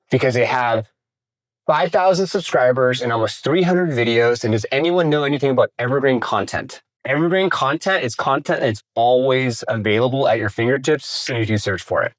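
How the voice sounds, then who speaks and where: A man giving a casual, energetic workshop talk on real estate marketing, asking the audience questions and swearing now and then. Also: mid-range voice. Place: room with a live audience.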